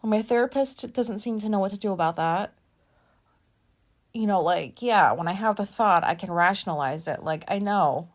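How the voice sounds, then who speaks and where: A woman in her forties, hosting a podcast and talking through an embarrassing memory in a candid, rambling way, self-conscious and quick to swear. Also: medium pitch. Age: 40s. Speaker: podcast host. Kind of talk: candid personal monologue.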